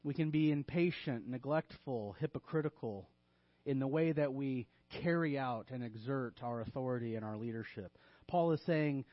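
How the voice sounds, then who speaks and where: A man's voice: medium pitch, moderate pace, no echo, highs cut off. A man, a pastor, preaching a sermon, delivering a list with tongue-in-cheek sarcasm.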